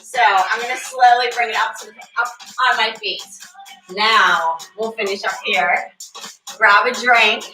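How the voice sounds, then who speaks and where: Woman barre instructor, slightly high voice, cheerful cueing, recorded on a distant mic in a roomy space. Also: unhurried, bright, forceful tone. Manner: upbeat, counts reps aloud, chats with class members by name. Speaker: fitness instructor. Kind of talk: live-streamed workout class cueing. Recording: echoey room, voice from far off, faint music.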